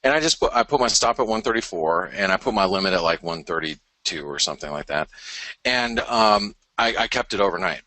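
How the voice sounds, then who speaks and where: A man's voice: deep voice, animated, fairly quick, sharp tone, no echo. A man hosting a live trading webinar, talking through charts in a rambling, frank way, often stopping and restarting mid-thought. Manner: rambling, self-interrupting, frank.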